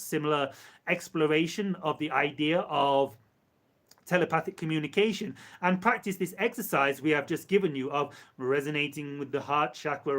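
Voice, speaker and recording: A man with a slightly high voice channels an entity live. He speaks as "we" in slow, measured phrases and repeats words for emphasis. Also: fairly bright tone. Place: live stream.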